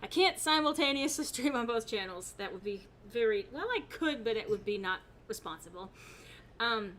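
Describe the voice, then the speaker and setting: Young woman gaming streamer, bright higher voice, giggly, rambling chat reader. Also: animated, moderate pace, a little hiss or hum. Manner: laughs often, reads chat aloud, rambling. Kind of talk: casual live-stream chat.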